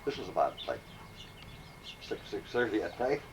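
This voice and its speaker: A man casually telling profane, animated stories about his old police dispatching days. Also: on the low side, moderate pace. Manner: profane, animated anecdotes with acted quotes. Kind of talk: casual storytelling among old friends. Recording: distant mic, noisy home recording.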